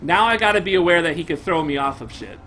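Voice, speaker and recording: A young man streaming a game live, commenting in an excitable, profane way and bursting into shouts. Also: a little high, fast, a little hiss or hum.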